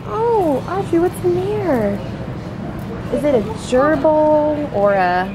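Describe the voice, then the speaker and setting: A woman's voice: high voice, lively intonation, slow. A young woman vlogging with her kids, chatty and playful, laughing often, filmed on a handheld camera. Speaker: vlogger mom. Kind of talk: casual family vlog. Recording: loud crowd and street noise.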